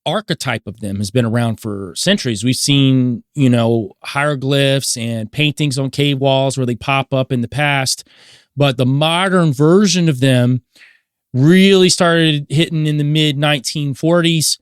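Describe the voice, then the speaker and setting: A man in a casual podcast chat, briskly running through a string of facts. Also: mid-range voice, clean tone, no echo, studio quality. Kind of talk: casual chat, explaining history.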